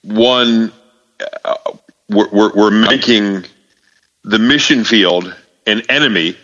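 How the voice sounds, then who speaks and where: Man with halting speech in a muffled hall. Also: lowish voice, pushed and bright. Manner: halting, many fillers and restarts. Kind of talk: casual conversation about faith. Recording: distant hall echo, muffled sound.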